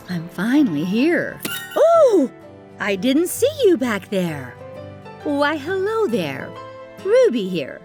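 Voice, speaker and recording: A woman hosting a children's storytime, narrating in a gentle, theatrical and reassuring way. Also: on the high side, huge pitch swings, slow, music in the background. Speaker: storyteller host.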